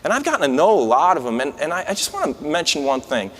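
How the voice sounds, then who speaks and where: A man's voice: on the high side, sing-song, fast, a bit bright. A man, an incoming society president, giving a conversational, anecdotal conference speech from a podium mic in a large convention hall. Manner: conversational, anecdotal, with frequent restarts. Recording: long hall reverb.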